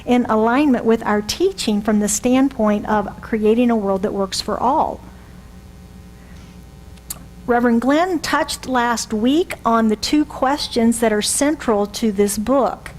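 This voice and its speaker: A woman's voice: on the high side, a little mellow, slight background noise, low-quality recording. A woman in her sixties giving a conversational sermon, often asking the congregation rhetorical questions. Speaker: reverend.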